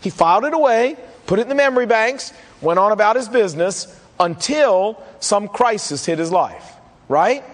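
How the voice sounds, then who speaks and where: A man's voice: high-pitched, lively intonation, moderate pace, big-room sound. A man preaching a sermon in a conversational way, acting out the questions his listeners might ask. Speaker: pastor.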